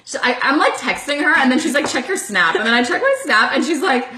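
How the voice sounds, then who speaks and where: A young woman in her twenties hosts a casual chat, storytelling with animated energy and frequent filler words. Her voice is bright and forceful. The room around her rings with echo. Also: high voice, fast. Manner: animated, laughing storyteller with lots of "like". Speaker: host.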